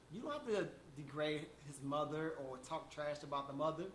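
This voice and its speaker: A man's voice: fairly high pitch, moderate pace, hardly any pauses, slight background noise. Emphatic man preaching in an echoey room. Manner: emphatic, preachy, addresses listeners directly. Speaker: motivational speaker. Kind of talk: motivational monologue. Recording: echoey room with faint background ambience.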